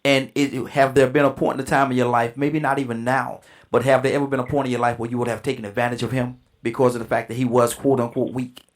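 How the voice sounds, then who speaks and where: A man's voice: medium pitch, fast, few pauses, a little hiss or hum. A man hosting a casual talk show, asking guests long questions and backing them up with frequent affirmations. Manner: lively, affirms often, asks long questions. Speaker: host. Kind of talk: casual chat.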